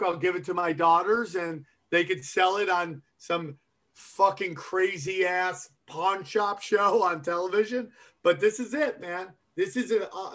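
With a high, slightly bright voice, this man banters as co-host of a comedy podcast. His casual chat is loose, jokey, and profane, peppered with "dude" and "man."

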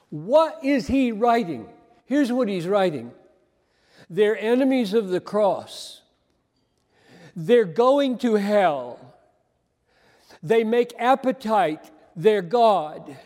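An older man preaches with an earnest, emphatic voice that sits high for a man. He halts and repeats words as he presses his point. The sound rings with a long hall echo. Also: a little mellow. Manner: earnest, emphatic, with halting repetitions. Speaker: pastor. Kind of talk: sermon.

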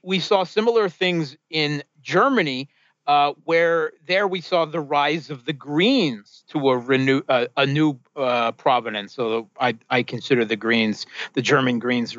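A man, a guest analyst on a talk show, giving political commentary in a measured way, with many fillers and restarts. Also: mid-range voice, a bit bright, no echo, highs cut off.

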